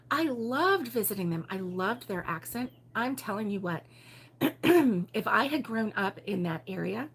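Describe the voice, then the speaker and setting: A woman from Baltimore hosting a relaxed morning livestream, chatting and giggling as she reads viewer comments aloud. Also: mid-range voice, husky. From Baltimore, USA. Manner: chatty and giggly, with frequent fillers and laughs. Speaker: host of a crochet livestream. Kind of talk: casual morning chat reading viewer comments.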